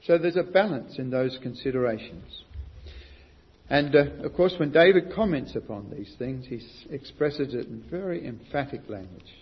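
A man preaching a sermon, building to loud emphatic stresses and asking his listeners questions. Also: mid-range voice, expressive, moderate pace. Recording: muffled recording with long hall reverb.

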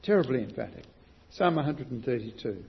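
A man preaching a sermon, building to loud emphatic stresses and asking his listeners questions. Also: mid-range voice, animated, a little fast, gravelly. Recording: muffled recording with long hall reverb.

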